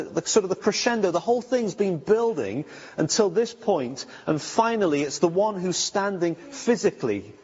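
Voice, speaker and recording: A man gives a sermon in a relaxed, conversational way, stopping to restart phrases and asking his listeners questions. His voice sits a little high and sounds husky. The recording is muffled and lo-fi, with a long reverb from a large hall. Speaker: preacher.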